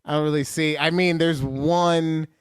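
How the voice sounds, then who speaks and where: A man's voice: on the high side, steady tone, unhurried, clear, resonant tone, no echo. A man co-hosts a casual podcast chat and reads horoscopes aloud. He plays things up for laughs and swears freely. His voice is dry and close to the mic. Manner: joking, mock-dramatic, swears freely. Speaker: podcast co-host.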